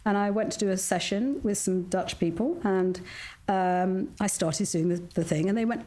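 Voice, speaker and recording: A woman's voice: mid-range voice, normal speed, dark tone. A woman with a Black Country accent, a voiceover artist and coach, telling frank, chatty anecdotes as an interview guest and laughing often. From England. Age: older. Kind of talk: casual chat, anecdotes.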